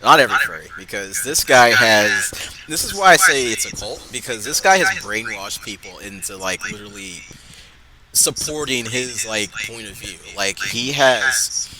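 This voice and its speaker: A male podcast co-host ranting in a mid-pitched voice that swings widely. He swears a lot, and crowd noise runs behind him. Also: expressive, normal speed, poor audio. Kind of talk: casual podcast chat.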